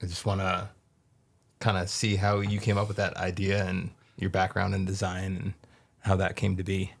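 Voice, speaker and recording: Deep gravelly dude asking an interview question, kinda hesitant. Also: male voice, completely flat delivery, normal speed. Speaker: podcast co-host.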